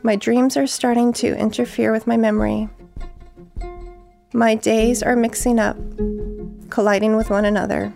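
A woman eyewitness reading from her journal in a hushed, halting way that drops to breathy whispers, then talking casually at home. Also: fairly high pitch, little pitch movement, soft background music. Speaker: eyewitness guest.

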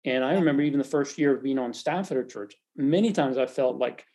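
A man's voice: medium pitch, fast, few pauses, warm tone. A middle-aged man hosting a faith podcast, talking in an earnest, encouraging and reflective way. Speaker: podcast host.

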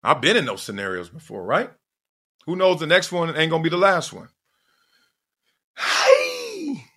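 A middle-aged man hosting a podcast, telling a personal story in an emphatic, digressive way with sudden loud whoops. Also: on the high side, very animated, brisk. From Southern California. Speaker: podcast host.

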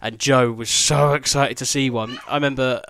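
A man's voice: mid-range voice, steady tone, normal speed, creaky, fairly bright tone. A man hosting a podcast, telling a rambling, sweary travel story with laughing asides. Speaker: podcast host.

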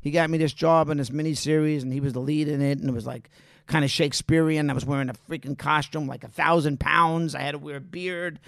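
A man's voice: fairly high pitch, steady tone, fast, vocal fry, fairly bright tone, no echo, studio quality. A middle-aged man, a guest actor in casual chat, animatedly telling stories, acting out quotes and swearing as he laughs.

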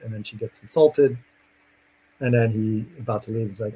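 A man's voice: fairly low pitch, fast talker, warm tone, slight background noise, poor audio. A man in casual chat, rambling through a movie plot with lots of fillers and acted-out lines. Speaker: podcast co-host recapping a movie.

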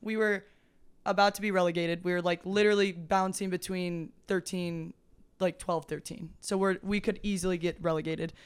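A young woman, a volleyball player and podcast guest, telling a lively story in casual chat. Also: fairly low pitch, moderate pace, smooth.

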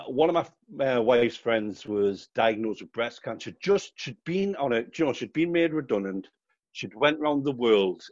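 A middle-aged Geordie man tells stories as an interview guest, cheerful and quick to laugh. His voice sits at an ordinary pitch. The sound is dry and a little dull. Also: dry recording. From North East England. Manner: chatty storyteller, laughs often. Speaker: guest, charity fundraiser runner. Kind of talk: casual interview chat.

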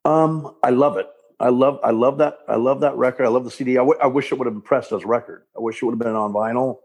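A man talks casually as an interview guest about his old band days. His voice is gravelly and a bit husky. He rambles, stops, and restarts his sentences. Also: medium pitch, steady tone, a little mellow. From Southern California. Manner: rambling, halting, with restarts and laughs. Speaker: punk singer, guest.

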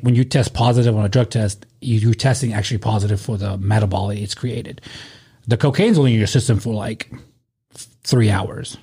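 A man's voice: on the low side, warm tone, breathy edge. A man telling a long story in a casual chat, rambling, swearing and laughing as he goes.

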